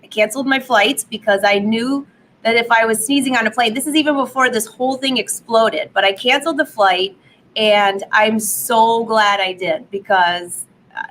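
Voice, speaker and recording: A woman hosting a live sewing vlog from her home studio, slightly hoarse from a cold, chatty and upbeat, laughing at her own jokes. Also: a little high, normal speed, fairly bright tone, a little hiss or hum, poor audio. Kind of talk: casual live stream chat.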